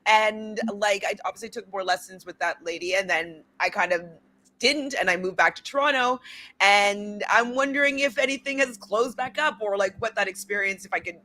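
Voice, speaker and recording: A woman actress shares a personal story in an earnest, casual way, circling back on herself as she talks. Her pitch sits in an ordinary middle range, and her delivery is loose and conversational. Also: moderate pace, sharp tone. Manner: earnest, rambling, many fillers and restarts. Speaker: actress and guest.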